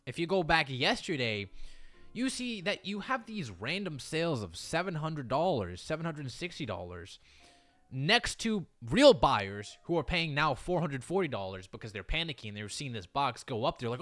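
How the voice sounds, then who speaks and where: A man's voice: on the high side, bright, forceful tone. A man giving casual, emphatic commentary on the trading card market in a vlog, explaining with frequent restarts.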